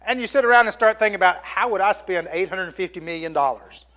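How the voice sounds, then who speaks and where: A middle-aged man preaching a sermon as pastor, swinging from loud exclamations down to hushed, near-whispered lines. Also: high voice, quick pace.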